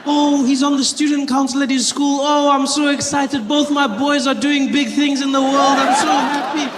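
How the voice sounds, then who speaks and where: A man voicing an excited, churchy mother who gushes praise in a high, bubbly voice. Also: normal speed, a loud crowd. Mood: gushing. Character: gushing, churchy mother, equally proud of both sons. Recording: long hall reverb, faint noise.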